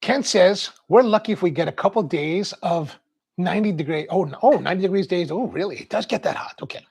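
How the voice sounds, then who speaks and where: Gravelly rambling man from Maryland. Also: high voice, brisk, a little mellow. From Maryland, US East Coast. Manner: rambling storyteller, quotes people in voices, laughs. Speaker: coffee livestream host. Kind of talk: casual livestream chat.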